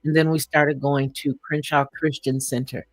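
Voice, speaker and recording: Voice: mid-range voice, level tone, normal speed, dry recording. Reflective live-stream host telling a story. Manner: reflective, chuckling, filler-heavy.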